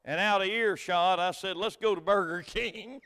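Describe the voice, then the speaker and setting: Middle-aged Southern pastor, folksy preacher, high resonant voice, reverberant church hall. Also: male voice, moderate pace. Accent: Southern American. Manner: folksy storytelling, swings from quiet to loud emphatic preaching. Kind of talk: sermon.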